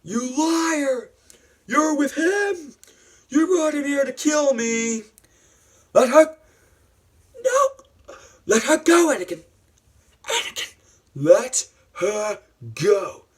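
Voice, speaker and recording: A man voicing an anguished young male swordsman who shouts in a high, strained, tearful voice. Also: expressive, slow pace, long pauses, heavily acted. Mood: anguished shouting.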